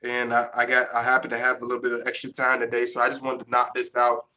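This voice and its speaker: A man's voice: medium pitch, completely flat delivery, fast talker, bright, forceful tone, slight background noise. A man, talking casually to his viewers in a rambling, repetitive way that keeps restarting sentences. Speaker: vlogger. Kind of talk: casual monologue to camera.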